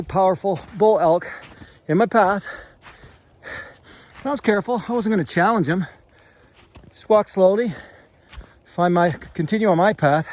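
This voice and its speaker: Easygoing man chatting outdoors, higher voice. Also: a little mellow. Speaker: outdoor survival host. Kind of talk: casual talk to camera. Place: outdoors in the hills.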